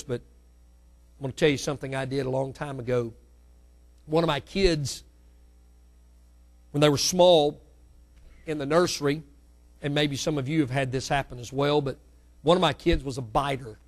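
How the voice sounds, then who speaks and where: A middle-aged male pastor preaching a sermon, with sudden loud climbs and hushed drops. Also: fairly high pitch, steady tone, moderate pace, pauses often.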